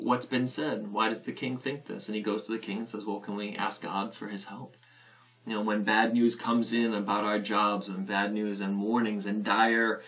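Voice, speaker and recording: An earnest male pastor delivers a sermon in an easy, conversational way, often turning to rhetorical questions. His voice sits on the low side. He stands some distance from the microphone, so he sounds a touch remote.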